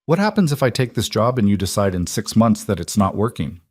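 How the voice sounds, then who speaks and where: A man voicing a weary single father who speaks in a cautious, earnest and gently tender way. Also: on the low side, very animated, fairly quick, no echo. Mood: wary.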